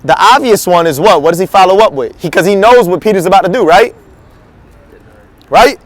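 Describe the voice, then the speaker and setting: A male teaching pastor with a high voice preaches in a loose, slangy, conversational way. He slips into acted quotes as he teaches. The sound is dry and close. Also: expressive, fairly quick, no room sound. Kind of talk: casual sermon teaching.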